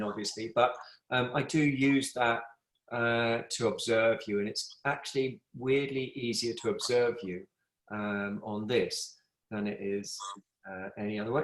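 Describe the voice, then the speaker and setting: A man's voice: mid-range voice, reverberant. Chatty man teaching yoga online. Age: middle-aged. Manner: chatty, affectionate, rambling. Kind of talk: live online yoga class. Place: room at home with a wood stove. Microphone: video call.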